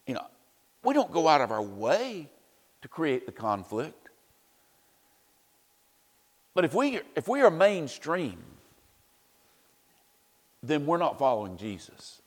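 A man's voice: a little high, wildly swooping pitch, takes it slowly, long pauses, big-room sound. A man preaching a sermon in a conversational way, with wry asides and frequent "you know"s.

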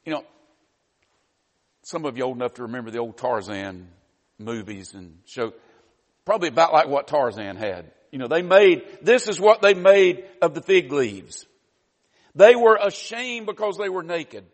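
A man's voice: on the high side, sing-song, moderate pace. A man preaching a sermon, teaching in a conversational way with wry asides. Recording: long reverb of a large hall.

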